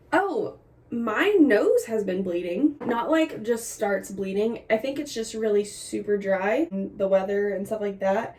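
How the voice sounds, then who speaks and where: Speaking at a slightly slow pace, this young adult woman has a medium-pitched, darkish voice with lively intonation. Indoors at home, she films a casual pregnancy vlog on a tripod camera, chatting candidly, laughing off her complaints and sounding a little breathless.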